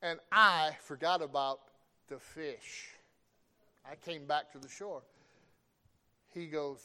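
A man's voice: fairly high pitch, a little slow, long pauses, bright, forceful tone. A middle-aged man preaching a sermon, telling folksy stories and calling out for amens.

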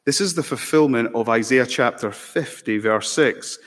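A man preaching a sermon in a church, dramatic and impassioned, rising to emphatic peaks and slowing into solemn stretches. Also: medium pitch. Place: church sanctuary. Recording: long hall reverb.

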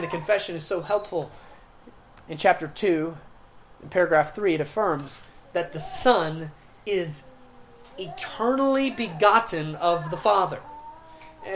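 A woman with a lowish voice delivers a sermon, slowing for emphasis on key words and shifting between loud stresses and hushed quiet. A bit of hiss or hum sits in the background.

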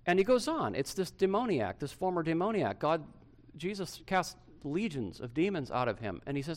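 Animated male pastor preaching. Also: a little high, fairly quick, few pauses. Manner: animated preaching, swinging from loud emphasis to hushed softness. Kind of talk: sermon.

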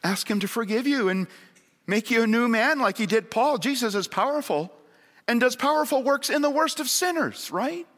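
A man preaching a sermon in earnest, moving between raised emphasis and hushed appeals. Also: extremely high pitch, expressive, normal speed. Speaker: pastor. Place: church sanctuary. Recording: long church hall reverb.

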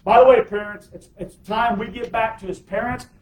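A man's voice: sits high, fairly even intonation, fairly quick, a little mellow, echoey room, distant mic, low-quality recording. A man preaching a sermon as pastor, emphatic, calling for amens from the congregation. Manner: emphatic, call-and-response preaching.

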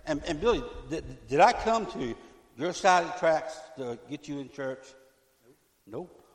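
Middle-aged male pastor, slightly high voice, fervent repetitive sermon, long church reverb. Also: lively intonation, unhurried. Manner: fervent, repetitive, swinging from loud to hushed. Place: church sanctuary. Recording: echoey church hall.

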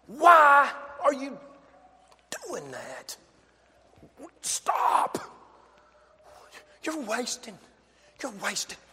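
A man's voice: extremely high pitch, huge pitch swings, very slow, pauses often, pushed and bright, slight background noise, pitched above the performer's own voice, exaggerated voice. A preacher acting out an indignant male onlooker who scolds a woman with strong emotion, heard with long reverb from a church hall. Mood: grumbling. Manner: exasperated, scolding.

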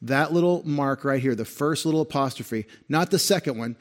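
A man's voice: mid-range voice, normal speed. A man preaching an expository sermon, patiently explaining Greek grammar and pointing things out on a screen like a teacher. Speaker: pastor.

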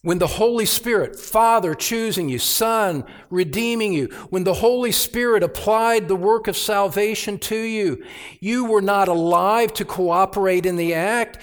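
Man preaching in a church, slightly high voice, slow deliberate pace, emphatic, hushed then loud. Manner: emphatic, swings from hushed to loud, repeats phrases. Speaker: pastor. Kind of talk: expository sermon. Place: church sanctuary.

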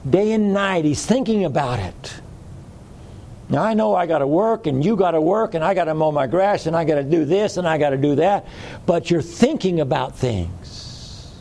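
A man's voice: fairly high pitch, expressive, normal speed, mellow. A man preaching a sermon in a folksy way, repeating phrases for emphasis.

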